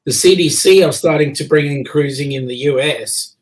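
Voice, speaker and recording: A chatty Australian man hosts a relaxed online chat, teasing his callers in a jokey, easygoing way. His voice sits a little high for a man. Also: normal speed, rough recording. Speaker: host. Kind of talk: casual livestream chat.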